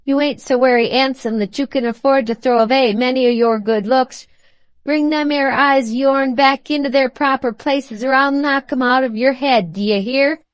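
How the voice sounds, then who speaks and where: A woman voicing a blunt young cockney manservant with a gruff, threatening manner. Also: sits high, fairly even intonation, moderate pace, dry recording, natural voice. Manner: gruff, threatening, dropped aitches and 'werry'.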